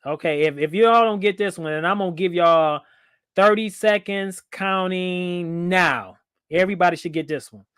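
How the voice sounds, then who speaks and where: A man's voice: high-pitched, normal speed, fairly bright tone, smooth, no room sound, studio quality. Playful man hosting a livestream. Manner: playful, reads viewer comments aloud, laughs often. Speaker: livestream host. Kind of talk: casual livestream chat.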